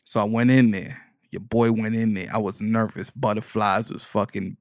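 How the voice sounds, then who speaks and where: A man with a Bronx New York accent telling a comic story. He is animated and profane, full of street slang, and keeps riffing off his own jokes. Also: lowish voice, moderate pace, dry recording, studio quality. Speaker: stand-up comedian. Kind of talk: comedic storytelling monologue.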